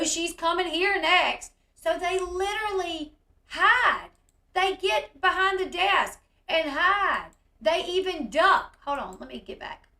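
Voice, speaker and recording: A woman hosting casual commentary on a video, talking in an animated way and acting out the yelling she describes. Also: sits high, reverberant. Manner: animated, reacts loudly, acts out quoted yelling. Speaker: commentary host.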